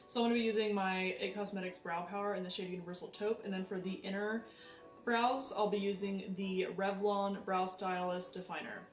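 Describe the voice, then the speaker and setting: A woman's voice: medium pitch, reverberant, recorded from a distance. Chatty woman doing her makeup on camera. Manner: chatty, animated, self-deprecating. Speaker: beauty vlogger. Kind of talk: casual makeup tutorial chat.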